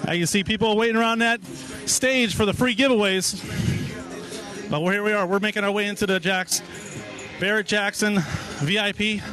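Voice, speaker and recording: A man's voice: high voice, steady tone, normal speed, music in the background. A man hosting a walking live stream at an outdoor car show, upbeat and hyping the crowd, a little out of breath.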